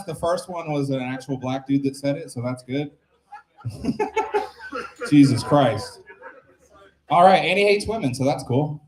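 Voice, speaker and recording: A man's voice: medium pitch, reverberant, poor audio. A man in his late thirties hosting an open mic in a small bar, trading profane, teasing banter with the crowd. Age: 30s. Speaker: comedy show host. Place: small comedy bar stage.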